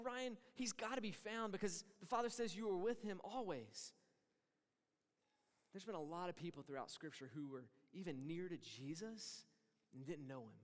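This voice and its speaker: A man preaching a sermon as pastor, moving between hushed lines and emphatic ones and acting out the voices he quotes. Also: high-pitched, long reverb tail.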